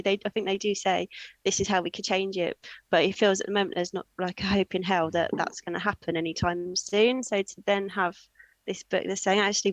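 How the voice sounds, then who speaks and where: A woman co-hosting a casual livestream chat, talking in a relaxed, conversational way. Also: mid-range voice, dry recording, poor audio. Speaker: co-host.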